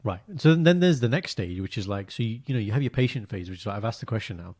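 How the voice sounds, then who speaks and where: A man co-hosting a podcast chats easily at a middling pitch. He tells stories with animated bursts. Between them he settles into quiet, low-key asides. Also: fast talker. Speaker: podcast co-host. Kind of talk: casual chat.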